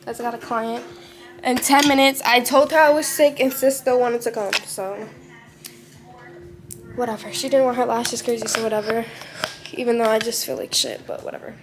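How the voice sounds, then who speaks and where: A woman's voice: a little high, steady tone, moderate pace, noisy background. A woman in her twenties from Florida, chatting casually to her viewers in a vlog with a stuffy, congested nose from a cold. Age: 20s. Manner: laid-back, slangy, talks straight to viewers. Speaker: vlogger. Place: her apartment, indoors.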